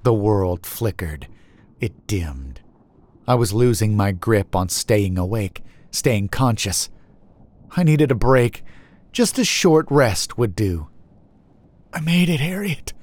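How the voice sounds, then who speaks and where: A man narrating a first-person horror story in a slow, measured, brooding manner on a close mic. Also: lowish voice, animated, a little mellow.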